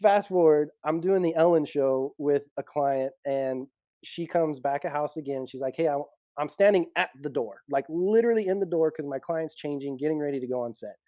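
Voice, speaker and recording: A man on a podcast, a security professional telling lively stories with frequent laughs. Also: a little high, fairly quick, dry recording, studio quality. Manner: animated storyteller, laughs often. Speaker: executive protection guest. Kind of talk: casual storytelling interview.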